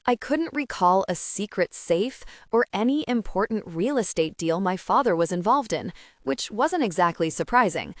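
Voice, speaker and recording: A woman narrating a first-person audiobook in an expressive, measured way. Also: mid-range voice, no echo, clean studio sound.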